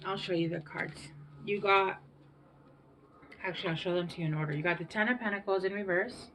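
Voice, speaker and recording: A woman's voice: mid-range voice, brisk, fairly bright tone, a little hiss or hum. A woman in her thirties giving a casual tarot reading to camera, emotional and rambling, often trailing off and restarting her sentences. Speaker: tarot reader.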